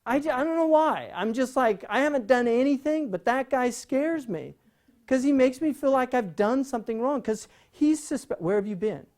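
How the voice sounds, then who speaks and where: Mellow-voiced man lecturing on poetry. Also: very high-pitched, moderate pace. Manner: rhetorical questions, frequent "right?"; animated, conversational teaching.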